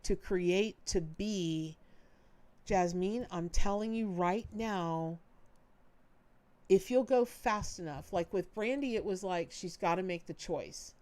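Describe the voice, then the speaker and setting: A woman's voice: fairly low pitch, slow pace. Chatty woman doing live tarot readings. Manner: chatty and animated, folksy and warm-hearted. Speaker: tarot reader hosting a charity livestream.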